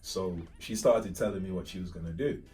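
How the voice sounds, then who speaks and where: A middle-aged man hosting a podcast, telling family stories in a lively way and acting out the other voices. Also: sits low, brisk. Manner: animated storyteller who acts out family dialogue. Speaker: podcast host. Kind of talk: casual conversation. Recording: distant mic with faint music.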